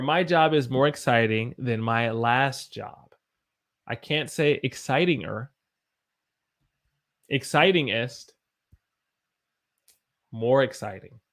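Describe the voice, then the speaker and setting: An American man teaching English on a live stream, repeating words slowly for learners and answering questions from the chat. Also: mid-range voice, fairly bright tone. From United States. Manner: slow, drawn-out spelling and repetition of words for learners.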